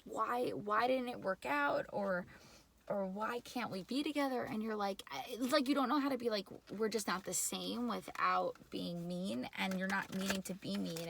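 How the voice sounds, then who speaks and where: A woman with a New York accent giving a casual, rambling tarot reading, full of fillers and quick laughs. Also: medium pitch, gravelly, slight background noise. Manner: chatty, rambling, lots of "like" and laughs. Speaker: tarot reader.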